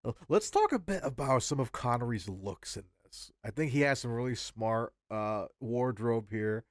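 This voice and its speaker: A man's voice: mid-range voice, lively intonation, normal speed, no echo, studio quality. A man co-hosting a podcast, chatting casually, rambling and searching for words as he goes. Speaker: co-host.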